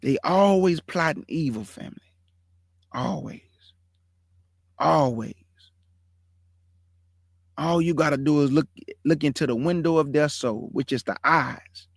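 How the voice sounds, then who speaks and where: A man with a fairly high voice and vocal fry speaks a little slowly, leaving long pauses, in clean studio sound with no room echo. Hosting his own online show, he comments live to viewers emphatically and repetitively, stretching words out for effect.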